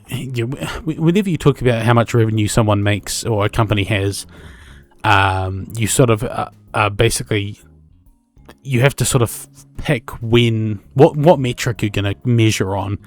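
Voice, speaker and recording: A man's voice: mid-range voice, no room sound. A man in his twenties with a New Zealand accent, hosting a solo podcast in a rambling, self-correcting way and swearing casually. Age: 20s. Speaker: podcast host.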